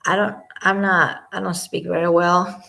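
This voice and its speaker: A woman's voice: fairly low pitch, flat delivery, measured pace, creaky, sharp tone. A woman giving casual, indignant commentary, talking emphatically and often repeating herself. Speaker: commentary vlogger.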